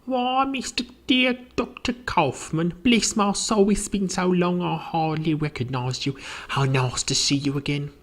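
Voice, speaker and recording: A prim old housekeeper woman chatters in a shrill, high falsetto with a British accent, gushing and flustered, as a man puts her on. The voice sits far above a normal speaking voice. She talks with fussy politeness. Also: measured pace, few pauses, a bit bright. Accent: put-on British.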